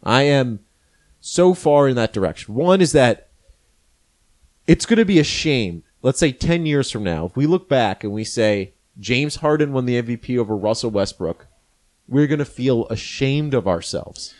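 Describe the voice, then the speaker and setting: A man's voice: mid-range voice, animated, normal speed, darkish tone. A man co-hosting a casual sports podcast, earnest and strongly opinionated. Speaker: podcast co-host. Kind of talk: casual chat.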